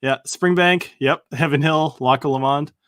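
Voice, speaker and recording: A man's voice: fairly high pitch, steady tone, measured pace, fairly bright tone, clear, resonant tone, no echo, studio quality. A man hosting a casual interview, who laughs easily and keeps the chat loose and jokey. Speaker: interview host.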